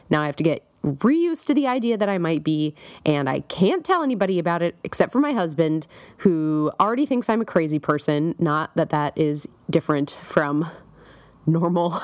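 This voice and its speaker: A woman's voice: medium pitch, no room sound. A young woman recording a personal diary, chatty and rambling, with many fillers and wry self-mocking asides. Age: young adult. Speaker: diarist.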